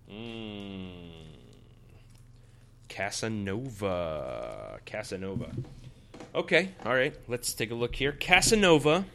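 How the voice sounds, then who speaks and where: Excitable low-voiced bright man. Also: slight background noise. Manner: excitable, playful chanting. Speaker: podcast host. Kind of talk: casual solo comic review.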